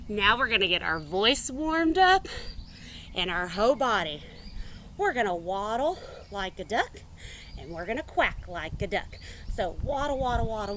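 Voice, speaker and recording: A young woman leading young children through an animal-themed movement workout, in a slow, encouraging, sing-song way. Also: high voice, fairly bright tone, a little hiss or hum. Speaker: children's activity instructor.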